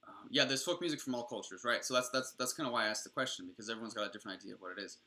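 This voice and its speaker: A man's voice: medium pitch, racing, pushed and bright. A young adult man streaming, rambling casually and enthusiastically with frequent swearing.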